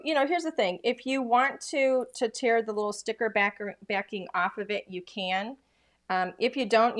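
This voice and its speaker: A woman demonstrating craft products in a casual, chatty way, full of enthusiasm and filler words. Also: medium pitch.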